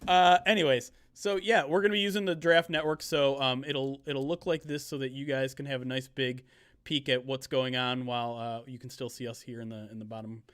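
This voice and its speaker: A man hosting a live video stream, talking casually with lots of fillers and quick bursts, speaking through a video call mic. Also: medium pitch, fairly even intonation, a bit bright, smooth. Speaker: host.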